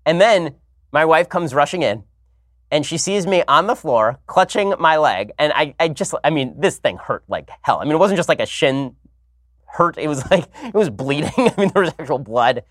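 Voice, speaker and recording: A man's voice: a little high, normal speed, no echo. Sarcastic man telling a story, dry sound. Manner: animated storytelling, sarcastic asides. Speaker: commentary show host. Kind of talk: casual comedic monologue.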